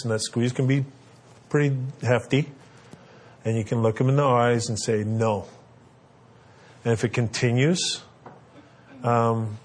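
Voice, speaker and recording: A middle-aged man giving earnest, conversational parenting advice with frequent fillers. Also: mid-range voice. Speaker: parenting speaker. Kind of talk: instructional talk.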